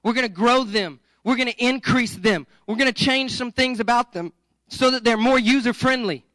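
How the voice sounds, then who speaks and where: A male pastor preaching a sermon in a lively, joking, conversational way that coaxes the congregation. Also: extremely high pitch, normal speed, no room sound, low-quality recording.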